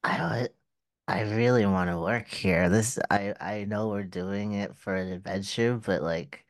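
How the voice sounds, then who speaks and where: A man playing a tabletop game, speaking in character in an earnest, halting way with stumbling restarts. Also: fairly low pitch, dry recording, studio quality. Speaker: player. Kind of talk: in-character tabletop role-play.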